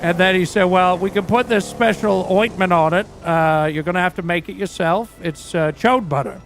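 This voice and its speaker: A man's voice: high voice, normal speed, slight background noise. A man playing a crude, boastful aging rock singer who tells rambling, profane stories in a role-play livestream.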